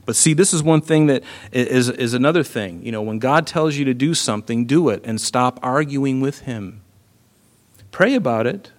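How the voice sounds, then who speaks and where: A man preaching a sermon in an earnest, conversational way, often filling pauses with "you know". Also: mid-range voice. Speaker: pastor.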